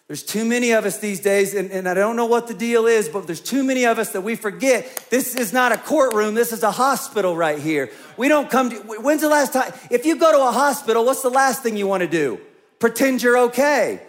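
A man's voice: high-pitched, fairly bright tone. A male pastor preaching a conversational sermon, acting out voices in his storytelling. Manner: conversational, acts out quoted voices.

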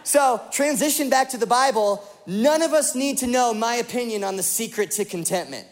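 Animated high-voiced young preacher. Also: male voice, moderate pace. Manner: animated storytelling with many fillers. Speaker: pastor. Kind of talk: sermon.

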